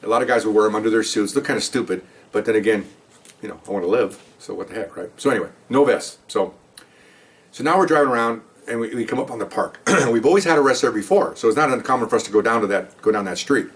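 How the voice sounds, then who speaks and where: A retired police officer, now an older man, speaks quickly in a fairly low voice, captured from a distance. His storytelling is a casual, conversational monologue punctuated by "okay?" check-ins and acted-out quotes.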